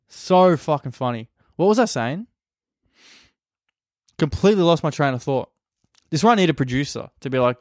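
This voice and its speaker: A man's voice: fairly high pitch, animated, moderate pace, pauses often, darkish tone, no echo. A young Australian man hosting a podcast, rambling crudely and self-deprecatingly in a casual comic monologue on a close mic. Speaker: podcast host.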